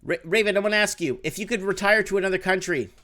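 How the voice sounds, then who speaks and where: A man's voice: high voice, fast talker, pushed and bright. Rambling talk show host, a man. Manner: rambling anecdotes, many fillers and restarts. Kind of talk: casual chat.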